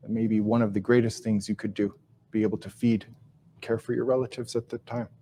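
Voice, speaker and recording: An Ojibwe language teacher and speaker gives a live teaching talk and tells a story, speaking slowly and reflectively in a lowish, flat voice. He repeats and restarts phrases while searching for words, his sentences trailing off softly, with a little hiss or hum in the audio.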